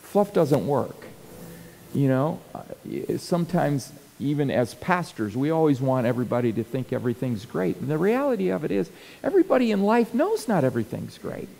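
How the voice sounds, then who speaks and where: A man's voice: fairly high pitch, big pitch swings, moderate pace, creaky, warm tone, big-room sound, rough recording. A middle-aged man, a pastor, talking casually about leadership and telling stories from his life. He laughs often and restarts and repeats words as he talks. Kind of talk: casual leadership talk with anecdotes.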